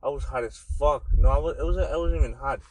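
Young dude with an average-pitched voice, rambling and cursing, light hiss in the background. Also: male voice, fast talker, rough recording. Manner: profane, rambling, often restarts sentences. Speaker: podcast co-host. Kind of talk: casual chat.

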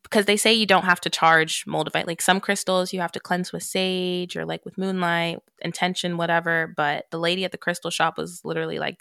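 Bright-voiced woman telling stories, swearing freely. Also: on the low side, vocal fry, clean tone, dry recording, studio quality. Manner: swearing, laughing storyteller. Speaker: podcast host. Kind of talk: casual chat.

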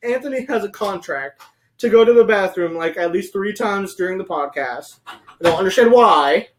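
A man's voice: high voice, expressive, normal speed. A young man co-hosting a casual podcast, joking and mocking himself. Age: young adult. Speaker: podcast co-host. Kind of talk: casual chat.

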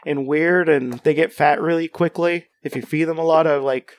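A man's voice: a little high, steady tone, moderate pace, no room sound. A young man in casual podcast chat, rambling and playful as he spins odd hypothetical stories.

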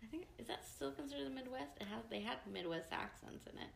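A young woman co-hosts a casual podcast, her voice heavy with gravelly fry. She reads out quiz questions playfully and laughs often. The room is echoey, with a faint hiss behind her. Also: sits high, expressive, fast. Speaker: podcast co-host. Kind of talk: casual chat.

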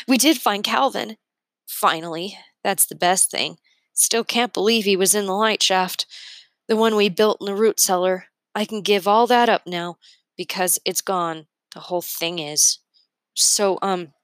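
Woman, low pitch, dry recording, reading a novel aloud, voices the characters. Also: a bit bright, dry recording. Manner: voices characters with pitch jumps, first-person narration. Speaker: reader.

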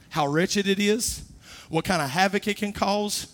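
A man preaching a sermon, moving from quiet, low talk to loud, high-pitched exhortation. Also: takes it slowly, long pauses.

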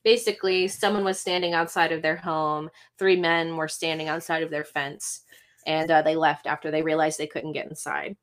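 A woman's voice: low-pitched, little pitch movement, normal speed. A young woman co-hosting a casual livestream, chatting and teasing before reading stories aloud to viewers over her computer mic. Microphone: computer mic over a video stream.

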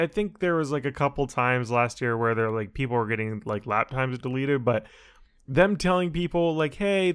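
A man's voice: medium pitch, fairly bright tone. A man talking casually to his audience about a motor race, rambling and correcting himself as he goes. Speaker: solo racing commentator. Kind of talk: casual chat.

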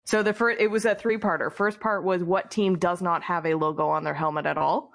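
Low-voiced woman chatting casually. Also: steady tone, fairly quick, gravelly. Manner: chatty, rambling, asks trivia questions. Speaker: podcast co-host. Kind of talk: casual chat.

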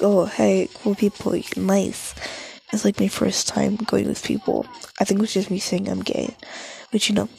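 A woman's voice: medium pitch, vocal fry, dark tone, a little hiss or hum, low-quality recording. A teenage girl telling a rambling, casual story, full of fillers and swearing.

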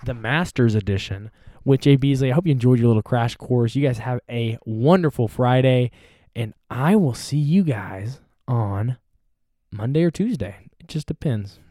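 A man's voice: mid-range voice, lively intonation, normal speed, mellow, no room sound, clean studio sound. Chatty self-mocking male podcast host. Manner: rambling, self-deprecating, chatty. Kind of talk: casual solo podcast monologue.

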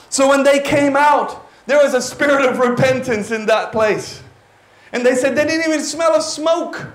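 A man, preaching a lively, exclaiming sermon to his church. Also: extremely high pitch, normal speed. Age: 40s. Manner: animated, exclaiming, drops in Tagalog words. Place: church hall. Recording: roomy church hall.

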